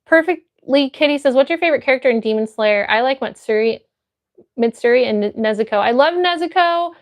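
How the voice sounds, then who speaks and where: Bubbly and a bit fast, this young woman's high, expressive voice greets viewers by name as she reads the chat. She's hosting a laid-back livestream from her phone at home.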